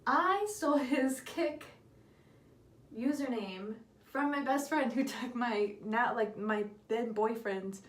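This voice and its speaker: Young woman, slightly high voice, giggly, candid, swearing, makeup storytime, roomy echo. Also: slow pace. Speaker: beauty vlogger. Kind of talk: casual storytime while doing makeup.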